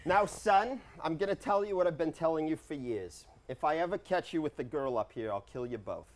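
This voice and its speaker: Stern controlling mother played by an improviser, fussy and threatening, lively pitch. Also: fairly quick, lightly acted. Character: stern overprotective mother of adult son. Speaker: improv performer. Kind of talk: improvised comedy scene.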